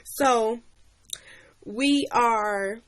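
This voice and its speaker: A woman's voice: fairly high pitch, drawn-out words. A young woman chatting on a livestream, animatedly telling a story and greeting new viewers. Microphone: webcam or phone mic.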